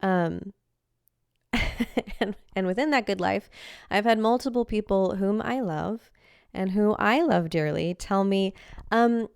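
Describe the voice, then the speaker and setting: Smooth-voiced candid woman podcaster. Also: medium pitch, measured pace, pauses often, no room sound, clean studio sound. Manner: candid, enthusiastic, confessional. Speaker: podcast host. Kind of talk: personal podcast monologue.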